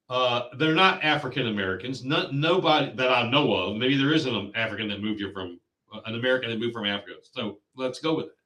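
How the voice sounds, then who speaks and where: A man's voice: medium pitch, sharp tone, echoey room, far from the mic, rough recording. A man hosting a political show, ranting in angry, insulting commentary. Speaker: podcast host.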